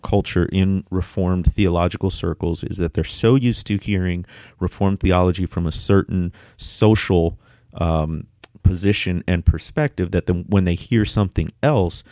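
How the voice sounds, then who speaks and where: A man co-hosting a podcast, discussing theology in a measured, articulate and emphatic way. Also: low-pitched, dark tone, no echo, clean studio sound. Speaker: podcast co-host.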